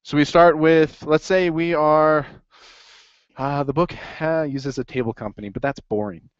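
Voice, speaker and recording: A man's voice: fairly high pitch, fairly even intonation, unhurried, clear, resonant tone, no room sound. Upbeat man lecturing a class. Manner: upbeat, asks the class questions. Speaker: accounting instructor. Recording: dry, dull lo-fi classroom recording.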